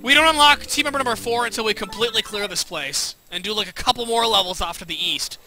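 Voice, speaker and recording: A man streaming a video game live, chatting playfully with his viewers and reacting loudly to the game. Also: sits high, fast, soft background music. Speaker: gaming livestreamer. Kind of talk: casual livestream commentary.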